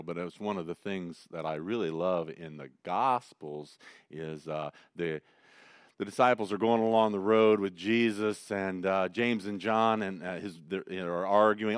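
A man preaching a sermon in a conversational way, swinging between loud emphasis and quiet asides. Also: low-pitched, clear, resonant tone, no room sound, studio quality. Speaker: pastor.

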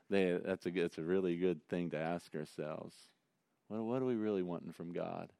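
A man preaching a sermon in a conversational way, swinging between loud emphasis and quiet asides. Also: low voice, normal speed, gravelly, no echo, studio quality. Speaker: pastor.

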